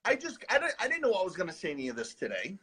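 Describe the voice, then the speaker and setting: A man co-hosting a live spiritual advice stream, chatting in an animated, sarcastic, rambling way. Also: high voice, racing, breathy edge. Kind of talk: casual live-stream chat.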